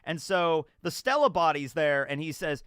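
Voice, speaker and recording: A man with a high, very animated voice reacts live as a channel host, rambling and catching himself mid-thought. His tone is bright and clean, and the sound is dry and close. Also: moderate pace, clear, resonant tone, dry recording. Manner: rambling, self-correcting, bursts into acted character lines. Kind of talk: live manga chapter reaction.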